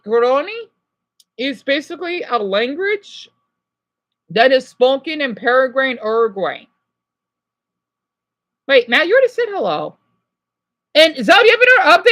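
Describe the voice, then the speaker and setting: A woman hosting a casual livestream, talking to her viewers in a loose, rambling way. She often restarts her sentences and fills gaps with "you know." Her voice sits a little on the high side. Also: fairly bright tone. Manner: rambling, answers chat messages, many "you know" and restarts. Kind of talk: casual live chat.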